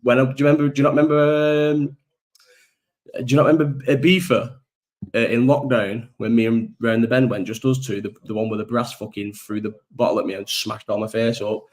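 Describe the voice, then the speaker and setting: A man's voice: medium pitch, little pitch movement, a little fast, a little mellow. A young man hosting a casual live-stream chat, rambling through stories with lots of swearing and frequent laughter.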